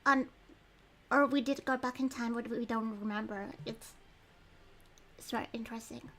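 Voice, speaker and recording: Bright, high-voiced woman streamer. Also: steady tone, moderate pace. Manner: chatty, giggly, frequent ums. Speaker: streamer playing a story game. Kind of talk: casual livestream chat and reading game text aloud.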